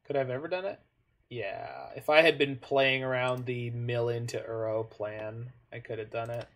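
A man's voice: mid-range voice, steady tone, moderate pace, fairly bright tone. A man giving casual commentary on his own online card game matches, thinking aloud with frequent self-corrections and asides.

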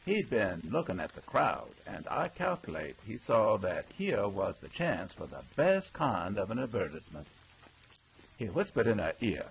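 A man narrating a folksy old-time story, with lively character voices. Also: on the low side, normal speed, vocal fry, a little hiss or hum, low-quality recording. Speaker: audiobook narrator.

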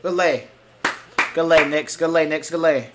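A young man streaming his reaction to basketball highlights, hyped and slangy, repeating short catchphrases. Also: steady tone, a little slow, noisy background. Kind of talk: excited live reaction commentary.

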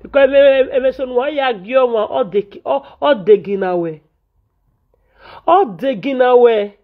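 Nigerian woman vlogger, fairly high voice, indignant and scolding, dull lo-fi sound. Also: a little slow. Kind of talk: venting in Nigerian Pidgin. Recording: dull lo-fi audio.

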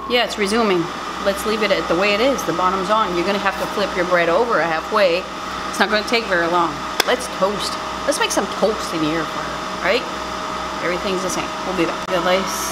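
In a noisy home kitchen recording, a Canadian woman hosting a cooking channel chats excitably in a voice on the low side. It's casual vlog talk, and she drops to a whisper over the food.

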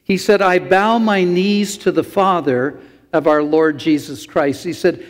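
A man's voice: high-pitched, steady tone, unhurried. A man preaching a sermon as pastor, talking through the verses in a conversational way with asides to the congregation. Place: church sanctuary. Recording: long church hall reverb.

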